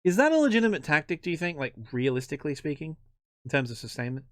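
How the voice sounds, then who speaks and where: Joking and self-deprecating, an Australian history-channel host chats in a casual interview with halting restarts. His voice is on the high side and very animated, in a dry, studio-quality recording.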